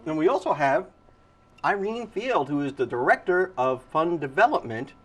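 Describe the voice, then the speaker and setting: A man hosts a morning TV show, chatting casually with guests in an interview style and often repeating their words back. His voice is on the high side and a bit bright, with big pitch swings, and he talks at normal speed.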